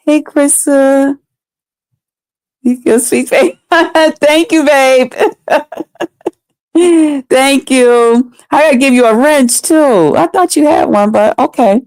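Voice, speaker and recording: A woman's voice: high-pitched, slow, pauses often, darkish tone, no echo. A woman in her fifties chatting live with her viewers. She laughs often and answers them by name. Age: 50s. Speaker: livestreamer. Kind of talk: casual live chat with viewers.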